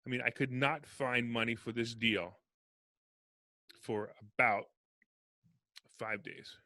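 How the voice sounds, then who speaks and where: A man's voice: mid-range voice, dry recording. A man, a real estate investor, telling stories in a casual podcast interview and acting out the dialogue. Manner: fast, animated storyteller acting out dialogue.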